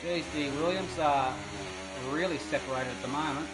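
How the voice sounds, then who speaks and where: A man commentating a sim racing qualifying session, excitable and rambling with fillers. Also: on the high side, normal speed, over loud music. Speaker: race commentator. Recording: noisy background of engine sounds. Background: racing car engine noise.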